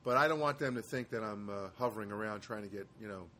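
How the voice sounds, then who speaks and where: A man's voice: lowish voice, quick pace, bright, forceful tone, a little hiss or hum. A man hosting his own show from a studio apartment, telling stories in a rambling casual monologue with wry asides and many hesitations.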